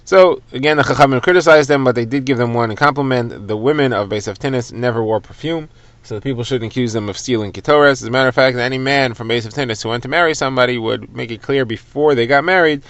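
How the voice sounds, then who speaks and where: A man delivers a daily Talmud lesson meant for listeners who are driving, retelling it conversationally and explaining Hebrew terms in English. His mid-range voice is a bit bright and quick-paced, with no echo.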